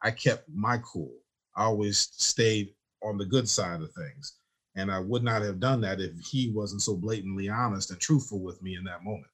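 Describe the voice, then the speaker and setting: Animated male storyteller in conversation. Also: fairly low pitch, moderate pace, breathy edge. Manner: animated storyteller, acts out quoted dialogue. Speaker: teacher, guest.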